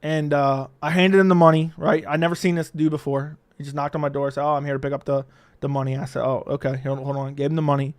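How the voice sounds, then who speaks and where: A man hosting a casual livestream, telling stories in a profane, animated way into a studio mic. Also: fairly high pitch, fast. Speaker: livestream host.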